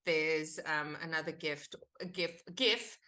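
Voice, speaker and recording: A woman, an actor guest, chatting in an interview and telling stories with lively acted-out quotes. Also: sits low, slow pace. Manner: animated storytelling, acts out quoted exchanges. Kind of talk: casual interview chat.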